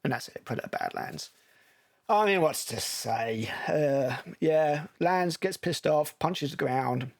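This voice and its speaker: A man's voice: on the high side, expressive, slow pace. A male film critic giving blunt, sarcastic, profane commentary while reacting to a movie trailer.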